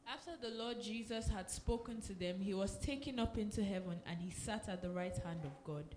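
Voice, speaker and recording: Woman scripture reader, steady and even, roomy echo, faint hiss. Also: mid-range voice, brisk. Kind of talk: reading scripture aloud. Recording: echoey room with faint noise.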